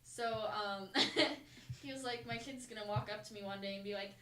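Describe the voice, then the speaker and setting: A woman chats and giggles through a relaxed podcast, telling loose anecdotes. She sounds a little distant from the mic. The room echoes and faint noise hums underneath. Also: mid-range voice, moderate pace. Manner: giggly, chatty storyteller. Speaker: podcast co-host. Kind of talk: casual chat.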